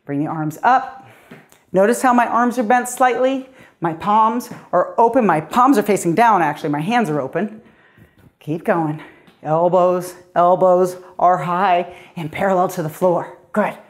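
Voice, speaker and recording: A woman's voice: fairly low pitch, a little slow. Woman fitness coach, middle-aged, encouraging, upbeat, slightly out of breath. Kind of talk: guided workout instruction.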